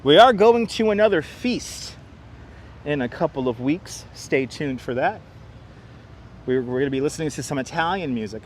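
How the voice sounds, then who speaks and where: A man's voice: on the high side, animated, moderate pace, slight background noise. A man hosting a live walking tour outdoors on a wireless lapel mic, chatty, laughing often and greeting viewers by name. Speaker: livestream host. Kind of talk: live walking tour, reading chat aloud. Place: outdoor waterfront park.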